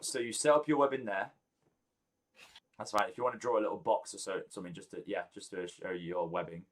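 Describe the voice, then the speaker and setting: A man's voice: lowish voice, fairly even intonation, fairly quick. A man acting as game master of a tabletop game, talking hesitantly with many fillers as he keeps track of the turns. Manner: hesitant, full of fillers, bookkeeping aloud.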